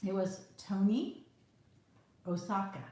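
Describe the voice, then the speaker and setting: Slow-talking middle-aged woman, echoey room. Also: mid-range voice, dark tone. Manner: chatty, laughs often. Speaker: author hosting a release celebration. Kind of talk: casual chat during a tasting.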